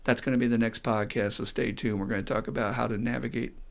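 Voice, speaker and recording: A middle-aged man, hosting a podcast as an addiction counselor and telling stories in a lively way. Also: mid-range voice, fast talker, creaky. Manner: lively storyteller who acts out quotes with laughs. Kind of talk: casual podcast monologue.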